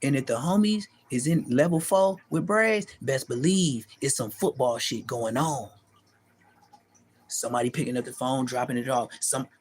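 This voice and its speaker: A middle-aged man delivering a profane, taunting callout rant to the camera, animated and mocking. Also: a little hiss or hum. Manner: animated, profane, taunting, pitch leaping high in mocking bursts. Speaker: street vlogger.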